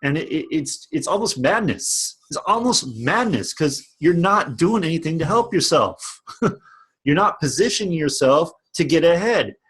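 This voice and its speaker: Passionate husky man ranting. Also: fairly high pitch, lively intonation, normal speed, fairly bright tone. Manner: passionate, repetitive, preachy. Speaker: online business vlogger. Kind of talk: motivational rant to camera.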